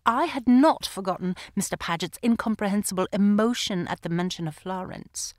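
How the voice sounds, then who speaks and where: A woman narrating an audiobook in the first person, with an expressive, lively delivery. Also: mid-range voice, normal speed, no echo, clean studio sound. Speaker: audiobook reader. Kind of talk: scripted narration.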